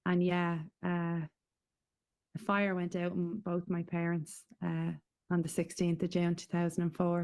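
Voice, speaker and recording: A middle-aged Irish woman speaks in a low, fairly flat voice. She recounts her story haltingly, with many pauses and fillers. Her tone stays emotional throughout the testimony. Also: clean tone. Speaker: guest. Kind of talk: personal testimony in an interview.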